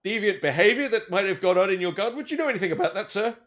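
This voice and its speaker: A man's voice: high-pitched, expressive, racing, a bit bright, pitched above the performer's own voice. A man voicing a male elf police officer in a tabletop game, overly polite and formal, stumbling over his own phrases. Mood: officious.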